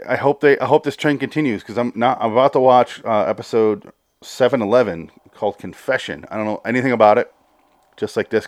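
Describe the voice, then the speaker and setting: A man's voice: fairly low pitch, dry recording. Casting: male podcast host, solo review, rambling and profane, dry close sound. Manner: rambling, profane, exasperated rants.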